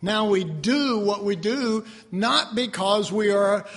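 A man preaching a sermon to his class, animated, swinging between loud outbursts and quiet asides. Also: high-pitched, slow pace, big-room sound. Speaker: preacher teaching a Bible class.

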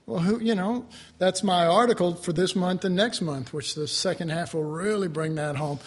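A man preaching a sermon to his class, animated, swinging between loud outbursts and quiet asides. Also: sits high, moderate pace, in a large hall. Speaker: preacher teaching a Bible class.

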